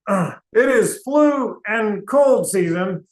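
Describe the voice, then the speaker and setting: A man playing a grumpy old bearded man who is tired of being mistaken for Santa, ranting and shouting in a singsong. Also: high voice, animated, takes it slowly, echoey room, rough recording. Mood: exasperated. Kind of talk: comedic character monologue.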